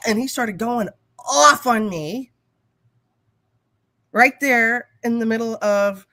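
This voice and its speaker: A woman co-hosting a casual talk show and telling a story in a blunt, animated way, swearing freely. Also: fairly high pitch, slow, dry recording. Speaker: talk show co-host, hypnotherapist.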